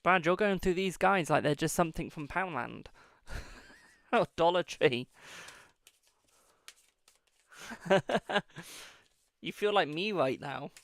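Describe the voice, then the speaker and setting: Chatty British man with a gravelly voice. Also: fairly high pitch, measured pace, a bit bright, no echo. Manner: chatty, affectionate, calls viewers darling and boo. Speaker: tarot reader hosting a live stream. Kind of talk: live-stream tarot reading.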